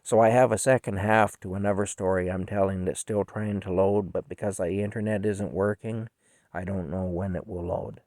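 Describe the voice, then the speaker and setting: Low-voiced man rambling through a story. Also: fairly even intonation, darkish tone, dry recording, studio quality. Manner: rambling, halting, emotional. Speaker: vlogger telling a personal story. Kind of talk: casual storytelling monologue.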